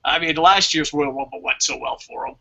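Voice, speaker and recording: Male host, bright, sharp voice, profane and animated, casual web show. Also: on the high side, brisk, lo-fi sound. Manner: animated, profane, laughs often at his own jokes. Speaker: host of a fantasy wrestling draft show.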